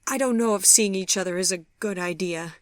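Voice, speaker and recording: Woman doing a crying older woman, breathy, halting, higher than her narration, dry recording. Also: fairly even intonation, no room sound. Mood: tearful. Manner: breathy, halting, often whispered. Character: tearful older woman, a grandmother, shaken. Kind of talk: audiobook character voice.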